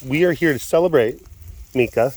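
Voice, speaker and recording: A man's voice: mid-range voice, moderate pace, darkish tone. A man hosting a casual vlog, chatting playfully to big cats and cooing at them in baby-talk. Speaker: big cat facility keeper and show host. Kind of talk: casual chat to animals.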